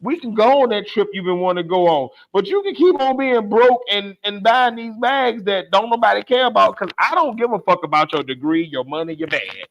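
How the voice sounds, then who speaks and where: A man's voice: sits high, expressive, brisk, hardly any pauses, muffled recording. A man co-hosting a podcast, going off on a comedic, profane, exasperated rant in casual talk. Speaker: podcast co-host.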